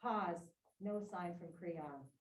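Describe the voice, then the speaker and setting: A woman teacher reading a play aloud to her class and breaking in with casual, animated asides to her students. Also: on the low side, slow pace. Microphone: distant room mic. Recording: roomy, distant classroom recording.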